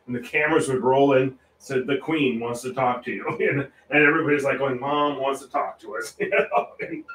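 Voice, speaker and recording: A man with a medium-pitched voice chats casually while painting on a livestream, rambling with frequent restarts and chuckles. The mic is distant, so his voice is a little off-mic in a roomy echo with faint room noise.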